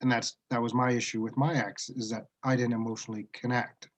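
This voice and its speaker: A man's voice: medium pitch, level tone, a little fast, poor audio. A middle-aged man from Canada talking frankly and reflectively about his diagnosis, often restarting his sentences. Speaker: guest sharing his autism diagnosis. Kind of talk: casual conversation.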